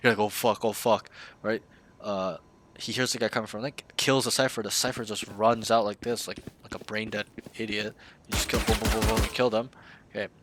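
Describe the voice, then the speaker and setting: A man's voice: lowish voice, little pitch movement, fairly quick, fairly bright tone, a little hiss or hum. A man coaching a player in a casual game review, blunt and slangy, often swearing.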